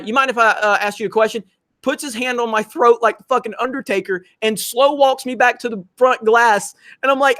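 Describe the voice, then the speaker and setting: A man's voice: high-pitched, a bit bright. A man hosting a casual livestream, telling profane stories and reading out viewer messages. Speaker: livestream host.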